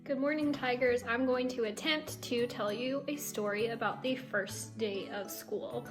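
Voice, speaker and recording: A woman with a fairly high voice tells students a lively first-day-of-school story, voicing the quotes as she goes. Her delivery is upbeat and brisk. Faint music plays behind her. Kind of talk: casual spoken storytelling.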